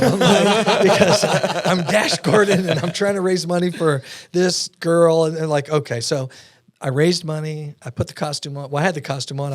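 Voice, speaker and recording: A man telling his story as a podcast guest, animated and acting out the voices of people he quotes. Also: fairly high pitch, dry recording, clean studio sound. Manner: animated, acts out quoted dialogue. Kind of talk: storytelling interview talk. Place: podcast studio.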